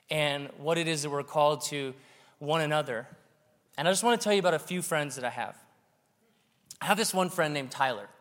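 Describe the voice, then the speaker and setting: A man preaching a sermon to a congregation, animated and joking with the audience. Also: on the high side. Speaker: pastor. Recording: long reverb of a large hall.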